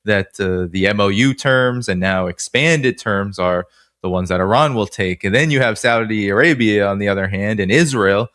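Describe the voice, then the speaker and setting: A man with a Boston accent asks long, meandering questions, hesitating often with lots of "uh" and "you know." His voice sits fairly low and sounds dry and close, with no room around it. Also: normal speed, fairly bright tone, no room sound. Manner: hesitant, many fillers, long winding questions. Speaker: interviewer. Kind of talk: interview questions.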